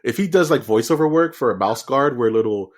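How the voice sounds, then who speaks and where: Male podcast co-host, mid pitch, very lively, slangy and teasing. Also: a little fast. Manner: slangy and teasing, says dude and dog a lot. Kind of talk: casual chat.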